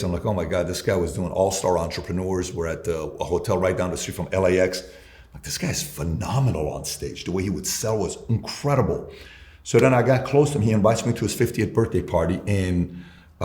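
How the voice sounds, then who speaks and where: A man's voice: low-pitched, warm tone. A man being interviewed as a guest entrepreneur, telling stories and acting out both sides of conversations. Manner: acts out both sides of dialogues. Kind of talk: storytelling interview talk. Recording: roomy echo.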